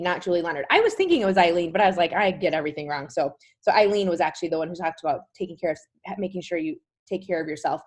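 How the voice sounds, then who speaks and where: A woman's voice: fairly low pitch, husky. A woman in her thirties hosting a group video call, recapping a weekend event in a chatty, enthusiastic way with lots of "like.". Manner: chatty, says "like" often, warm enthusiasm. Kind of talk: casual recap talk.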